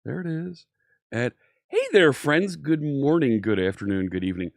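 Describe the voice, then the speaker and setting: Male live-stream host, upbeat and talkative, mid-pitched voice, dry close sound. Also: lively intonation, moderate pace, creaky, no room sound. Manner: chatty, upbeat, greets chat viewers by name. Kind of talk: casual live-stream coding chat.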